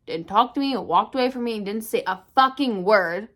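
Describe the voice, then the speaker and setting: A young woman vlogger with a fairly high voice talks at a normal speed with few pauses. She animatedly retells a candid, swear-heavy personal story for a casual storytime vlog, voicing what people said.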